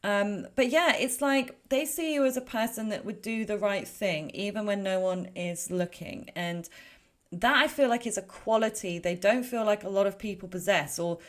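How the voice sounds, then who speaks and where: A woman reads tarot cards for her viewers in a relaxed, rambling way. She fills her talk with fillers, breaks off mid-thought and corrects herself as she goes. Her voice sits at an ordinary middle pitch. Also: normal speed. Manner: chatty, rambling, with frequent fillers and self-corrections. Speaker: tarot reader. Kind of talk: casual pick-a-card tarot reading.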